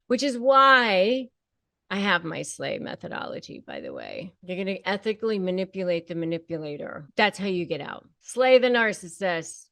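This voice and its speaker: A woman's voice: on the low side, gravelly, no room sound. Woman, advice talk host, emphatic, repetitive, rallying, dry close recording. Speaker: host and self-help coach on narcissistic abuse. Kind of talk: direct-to-camera advice talk.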